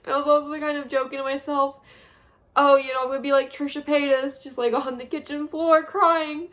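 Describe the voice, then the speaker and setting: A young woman vlogging a monthly review from a small spare room, speaking haltingly and wearily while close to tears. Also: sits high, level tone, a bit bright. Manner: halting, heavy, emotionally drained. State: on the verge of tears. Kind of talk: tearful monthly review vlog.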